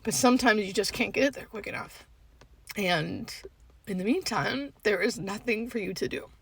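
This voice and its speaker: A woman hospice nurse talking to her phone from her parked car, tearful and fighting back crying, with halting speech full of "like". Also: mid-range voice, gravelly. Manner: halting, heavy use of filler "like". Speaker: hospice home care nurse. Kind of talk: emotional vlog monologue.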